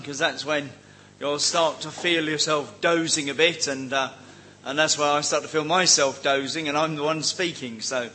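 A man leads a seminar in a relaxed, joking way, padding his points with ums and wry asides. His voice sits a little high and rings bright and forward. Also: low-quality recording. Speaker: seminar speaker on cults. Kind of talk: informal teaching talk.

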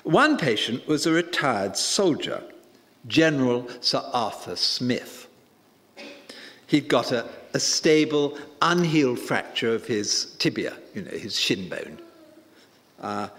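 Emphatic, slow-speaking male preacher. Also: medium pitch, a bit bright, in a large hall. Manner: emphatic and deliberate, with rising stresses. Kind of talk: sermon.

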